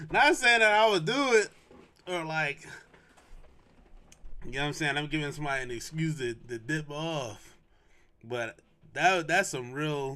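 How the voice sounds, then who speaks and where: A young man hosting a podcast, with a mid-pitched voice. He talks in loose slang and tells his story with animation, often saying a line twice to drive it home. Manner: animated, slangy, repeats lines for emphasis. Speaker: podcast host. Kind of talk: casual storytelling.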